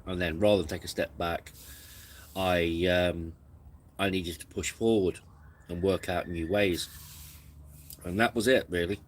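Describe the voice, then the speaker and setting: Low voiced guy rambling on his camping livestream, munching snacks as he talks. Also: steady tone, a little slow, pauses often. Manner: rambling and reflective, snacking while talking. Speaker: camping YouTuber hosting a live stream. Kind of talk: casual live-stream chat.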